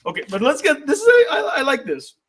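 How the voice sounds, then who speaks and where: A man's voice: very high voice, wildly swooping pitch, fast, a bit bright. A man hosting a casual vlog, reading fan mail aloud and chuckling often, at times getting emotional. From United States. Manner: laughs often, chuckling through his reading; emotional, says he is tearing up.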